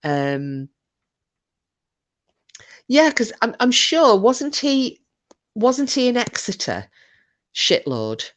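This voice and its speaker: A woman's voice: a little high, big pitch swings, very slow, pauses often. A middle-aged woman, hosting a live stream and chatting casually with viewers, rambling and swearing freely. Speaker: livestream host reading chat.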